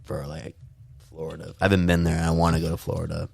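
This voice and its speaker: A young man in casual podcast chat, telling animated stories and shouting the quoted lines in high voices. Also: quick pace, vocal fry, dry recording, clean studio sound. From California. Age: young adult. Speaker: podcast co-host.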